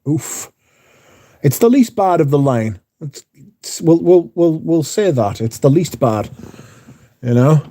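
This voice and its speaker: A man's voice: medium pitch, dark tone. A man hosting a casual livestream, reading out chat messages in a blunt, mouthy way with frequent swearing. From not American. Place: bar, windy.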